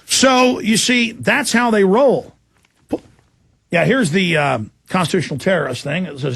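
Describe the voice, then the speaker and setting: Gravelly, high-voiced ranting man. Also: lively intonation, moderate pace, a bit bright, no room sound, studio quality. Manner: impassioned, ranting. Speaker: talk show host. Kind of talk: political talk radio monologue.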